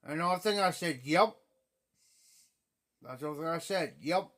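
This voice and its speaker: A man with an Ohio accent telling rambling stories on a live stream, repeating himself and often clearing his throat. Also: on the high side, moderate pace, fairly bright tone. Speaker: livestream host. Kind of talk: casual storytelling chat. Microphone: phone or webcam on a live stream.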